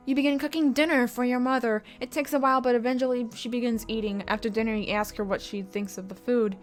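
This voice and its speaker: A young woman streaming a text adventure, reading the story aloud and breaking in with sudden loud, high-pitched outbursts and swearing. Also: fairly even intonation, a little fast, few pauses, soft background music.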